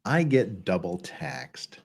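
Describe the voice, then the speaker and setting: A man's voice: low voice, very animated, takes it slowly, vocal fry, husky. A man hosting a casual chat, easygoing and laughing often. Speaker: host.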